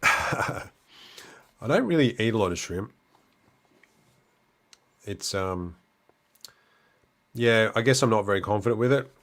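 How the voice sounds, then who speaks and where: A middle-aged man with an Australian accent chats casually on a livestream, working through viewer comments one by one. His voice sits a little low, and his talk is easygoing, full of ums and restarts. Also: takes it slowly, long pauses. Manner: relaxed, chatty, many fillers and restarts. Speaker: livestream host.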